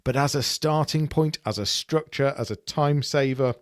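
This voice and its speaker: A man's voice: mid-range voice, moderate pace, dry recording, clean studio sound. A man co-hosting a business podcast, talking casually with frequent restarts and repeated words. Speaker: podcast co-host.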